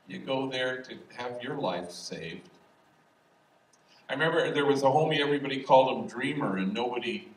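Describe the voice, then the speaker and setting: A man in his sixties, a priest telling humorous stories in a public talk at a university event hall. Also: mid-range voice. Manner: humorous, anecdotal, unhurried. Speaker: priest and speaker. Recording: echoey hall, distant mic, faint hiss.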